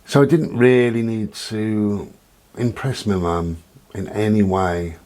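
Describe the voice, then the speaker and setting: A man's voice: lowish voice, fairly even intonation, takes it slowly, a little mellow. A man talking frankly in a rambling personal monologue, swearing now and then. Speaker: vlogger.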